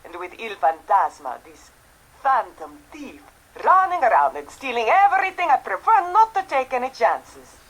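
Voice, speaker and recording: An actress playing a vain, chatty Venetian landlady in a mystery game, with a lively, theatrical delivery. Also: sits high, moderate pace, low-quality recording. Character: tanned Italian landlady in Venice, vain, chatty. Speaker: game character.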